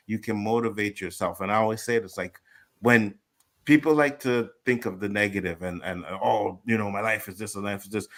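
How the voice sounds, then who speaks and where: A man's voice: mid-range voice, fairly bright tone. Laid-back man in casual panel chat. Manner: loose and conversational, peppered with "you know what I mean" and swearing; laughs easily. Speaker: panel show co-host.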